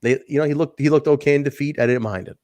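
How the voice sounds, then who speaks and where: A man co-hosting a wrestling review podcast, talking in a casual, animated way, laughing often and acting out quotes. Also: a little high, quick pace, no room sound. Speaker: podcast co-host.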